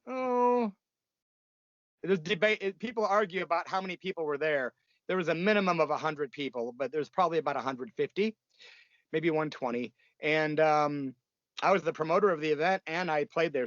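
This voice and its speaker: A man's voice: on the high side, a bit bright, no room sound, highs cut off. A man, a punk musician telling stories in a casual interview, blunt and profane, rambling with lots of fillers.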